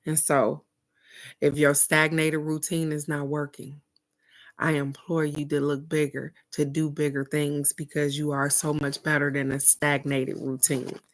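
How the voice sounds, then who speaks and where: Low-voiced woman giving an encouraging pep talk. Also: level tone, measured pace. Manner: preachy and encouraging, addresses viewers directly; folksy, repeats key phrases for emphasis. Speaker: card reader. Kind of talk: motivational card-of-the-day talk.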